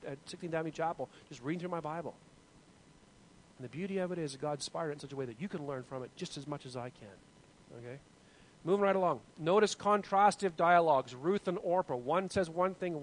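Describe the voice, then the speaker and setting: A man's voice: on the high side, rough recording. A man in his forties giving an informal Bible lesson, asking the class questions and often restarting his sentences. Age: 40s. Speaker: Bible teacher.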